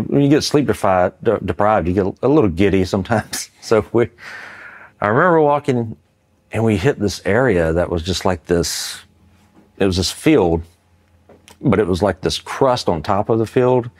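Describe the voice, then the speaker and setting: A middle-aged Army veteran with a low, deep voice, telling his combat story in an interview. He rambles casually, leans on fillers like "you know" and "like," and keeps his delivery loose and conversational. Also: a little mellow. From Mississippi, US.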